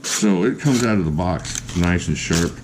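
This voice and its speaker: A man giving a casual, chatty knife review, enthusiastic and quick to laugh. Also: low-pitched, lively intonation, noisy background.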